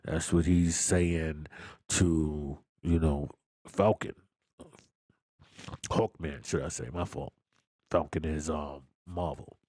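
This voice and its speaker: Low, slow-talking man reviewing a movie. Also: fairly even intonation, a little mellow, no room sound, studio quality. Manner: loose and slangy, repeats himself, laughs often. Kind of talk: casual chat.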